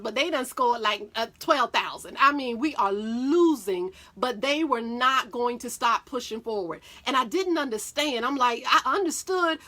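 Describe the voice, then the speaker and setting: High, bright-voiced woman storyteller. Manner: folksy Southern-style talk, addresses viewers as y'all. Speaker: mom telling a story to viewers. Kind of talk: animated livestream storytelling.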